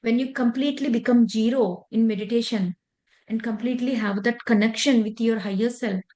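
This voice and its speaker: Woman in her 40s, meditation teacher, earnest, fairly high voice. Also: steady tone, brisk, warm tone. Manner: earnest, conversational, loose grammar. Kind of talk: spiritual lesson with personal story.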